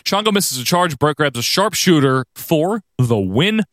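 A man co-hosting a podcast, giving a lively, joking play-by-play recap of an old wrestling show. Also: fairly high pitch, measured pace, dry recording. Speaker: podcast co-host. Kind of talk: casual wrestling recap chat.

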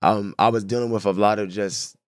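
A man from San Diego, a guest on a podcast, talking in a casual, animated, slangy way. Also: fairly low pitch, brisk, dry recording, studio quality. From San Diego, California. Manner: animated, slangy, says "bro" and "you know what I'm saying" a lot. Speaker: podcast guest, clothing brand owner. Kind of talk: casual conversation.

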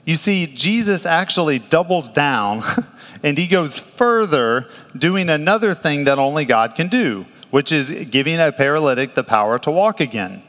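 A male pastor preaching a sermon in a conversational, animated way, with laughs and restarts. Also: on the high side, moderate pace, in a large hall.

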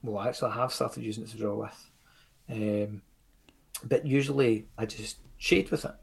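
A man's voice: fairly low pitch, steady tone, moderate pace, vocal fry, slightly rough. A Scottish man, a comics creator, chatting on a podcast in a rambling, self-critical way with lots of fillers and casual swearing.

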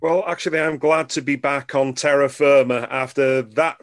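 A man's voice: medium pitch, fairly even intonation, moderate pace, no echo. A man chatting as a film panelist on a radio show, in a wry, chatty way. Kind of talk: casual panel chat.

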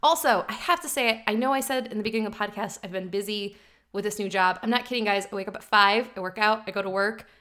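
A woman with a mid-range voice co-hosts a podcast, chatting casually, animated and quick to laugh.

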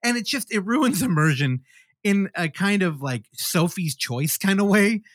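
A man co-hosting a podcast, chatting casually about horror films, animated and swearing freely. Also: sits high, a little slow, no echo, clean studio sound. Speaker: podcast co-host.

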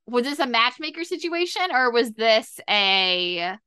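Gushy woman recapping a show, really bouncy pitch, bright voice, dry close sound. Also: measured pace, clear, resonant tone, no echo. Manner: gushing, excitable. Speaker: podcast co-host. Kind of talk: casual chat recapping a TV episode.

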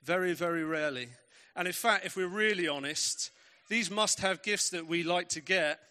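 A man delivers a sermon in a bright, ringing voice pitched a bit higher than most men's. He tells stories with emphatic, varied pacing.

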